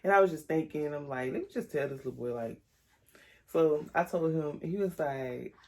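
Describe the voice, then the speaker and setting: A young woman, chatting casually on a vlog and acting out the people in her story with high, lively voices. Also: fairly quick. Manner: animated storytelling, acts out quotes in high voices. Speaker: vlogger.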